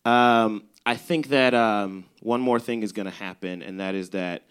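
A young man from Chicago's South Side telling a stand-up story, animated and swearing, acting out quoted lines. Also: fairly low pitch, unhurried, hardly any pauses, clear, resonant tone. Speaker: stand-up comedian.

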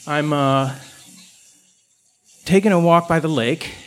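A man from Chicago tells a funny story in a loose, rambling, swearing style. His voice sits a bit high for a man, and he talks with lively energy. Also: slow pace. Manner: rambling, profane, animated. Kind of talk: live comic storytelling.

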